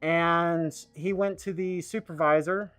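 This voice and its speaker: A man streaming a casual monologue, rambling and halting, full of fillers and restarts. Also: fairly high pitch, steady tone, fairly bright tone, no room sound, soft background music.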